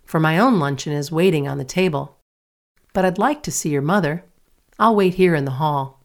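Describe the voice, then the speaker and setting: A woman's voice: sits low, normal speed, darkish tone. A woman voicing a sweet eager neighbour girl. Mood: polite. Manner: shy and wistful, then startled.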